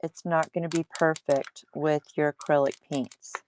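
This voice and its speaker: A woman's voice: deep voice, level tone, normal speed, darkish tone, a little hiss or hum. A woman hosting a casual livestream craft demo at her table, chatty and laughing at herself.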